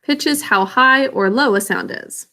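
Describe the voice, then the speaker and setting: A woman's voice: high voice, a little slow, sharp tone. A woman teacher explaining a science lesson in a casual, self-correcting way to young students. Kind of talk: recorded classroom lesson.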